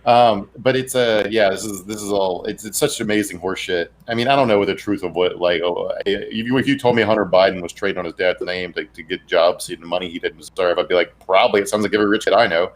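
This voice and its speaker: A man's voice: low voice, steady tone, fairly quick, hardly any pauses, a little hiss or hum. A man co-hosting a casual political comedy chat, rambling with laughs and profane asides. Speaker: co-host.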